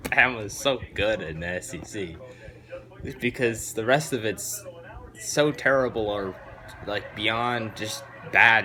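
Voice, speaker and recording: Young man, bright tense voice, rambling hot takes, vlog ranter. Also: fairly low pitch. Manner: excitable, rambling, opinionated. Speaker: vlogger. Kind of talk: casual sports rant to camera.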